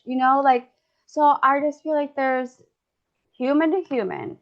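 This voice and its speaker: A woman's voice: high voice, normal speed, muffled recording. A woman chatting casually, rambling with many "like" fillers and laughing often. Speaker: guest discussant. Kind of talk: casual chat.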